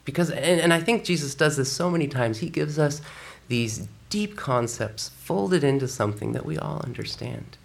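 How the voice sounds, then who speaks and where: A man's voice: fairly high pitch, expressive, normal speed, gravelly. A man preaching a conversational sermon in a church, often dropping to a whisper for emphasis. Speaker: pastor.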